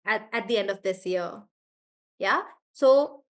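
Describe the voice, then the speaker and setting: A woman's voice: high voice, lively intonation, moderate pace, fairly bright tone. A woman teacher, chatty in a live online class, explaining word stress through spoken examples. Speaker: English pronunciation teacher.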